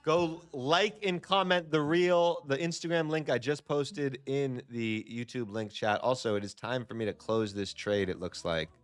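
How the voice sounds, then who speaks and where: A man's voice: mid-range voice, moderate pace, hardly any pauses, clear, resonant tone, soft background music. A man hosting a casual trading livestream, talking upbeat and chatty to his viewers.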